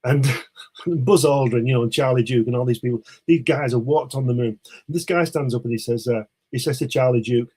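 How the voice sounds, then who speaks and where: A man's voice: medium pitch, mellow, husky. A man guesting on a chat show, getting over a cold and coughing now and then, telling stories with many restarts. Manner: rambling storyteller, halting restarts. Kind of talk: casual chat.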